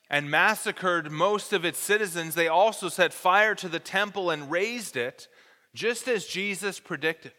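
A man's voice: on the high side, bright, forceful tone, long reverb tail. A man preaching an expository sermon, explaining the text earnestly with careful emphasis.

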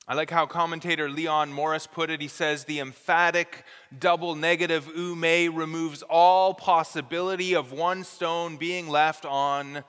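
A man preaches with a high, bright voice and teaches earnestly, stressing key words. His tone is smooth and clear. A long reverb trails each phrase, as in a large hall. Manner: earnest, explanatory teaching with careful emphasis. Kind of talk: expository sermon.

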